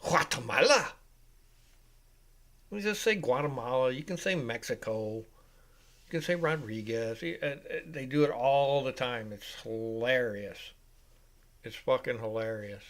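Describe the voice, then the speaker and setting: A man hosting a live reaction show, giving casual play-by-play commentary. He rambles off-topic, swears freely and gets louder and higher whenever he calls the action. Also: unhurried. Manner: rambling and casual, with profanity, rising and louder when calling plays.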